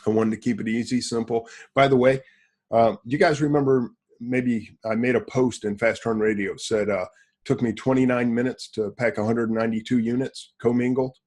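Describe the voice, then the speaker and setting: Blunt guy hosting a business podcast, husky voice, brags a bit, asks himself questions and answers them. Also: medium pitch, steady tone, normal speed, darkish tone. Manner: blunt, boastful, rhetorical questions. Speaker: podcast host. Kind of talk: casual business podcast talk.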